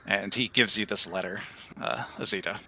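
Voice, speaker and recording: A man narrating a tabletop game as game master, halting with many fillers. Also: on the low side, gravelly, bright, forceful tone, a little hiss or hum.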